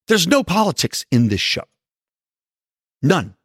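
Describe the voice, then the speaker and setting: A man's voice: on the high side, measured pace, breathy edge, no room sound, studio quality. A middle-aged man hosting a podcast, telling stories and ranting in a sarcastic, profane, casual way. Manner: profane, sarcastic, animated storytelling with sudden yelling. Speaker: podcast host.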